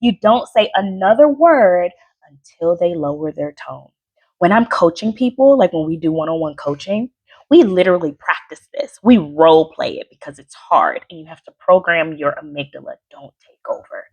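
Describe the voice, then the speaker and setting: Animated woman coaching with lively swings. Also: fairly low pitch, moderate pace, husky, lo-fi sound. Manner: lively, animated, chatty with asides and laughs. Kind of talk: live workshop teaching.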